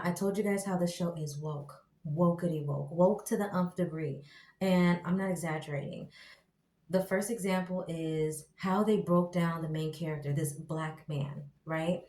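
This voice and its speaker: A woman reviewing a TV show in casual commentary, ranting in an exasperated, slangy and animated way. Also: fairly low pitch, normal speed. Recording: echoey room.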